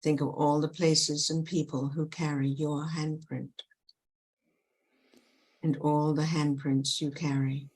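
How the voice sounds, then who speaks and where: Low-voiced woman talking slow and soothing, guided meditation vibe. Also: flat delivery, darkish tone, breathy edge, rough recording. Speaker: guest, past life regression hypnotherapist.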